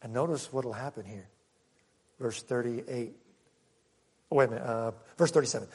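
An older man preaching a sermon and telling stories, moving from loud, emphatic lines to hushed ones. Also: medium pitch, normal speed, slightly rough. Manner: animated, swinging from loud to hushed. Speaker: pastor. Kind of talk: sermon with personal storytelling. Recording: long hall reverb.

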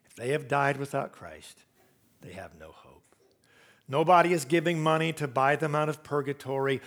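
Delivering a sermon, this pastor tells stories and performs quotations, his delivery a little fast. His voice shifts from loud, climbing emphasis to very soft, low passages.

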